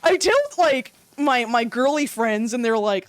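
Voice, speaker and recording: A young woman streamer telling stories in casual livestream chat, animated, swearing freely and laughing often. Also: on the high side, brisk, no room sound.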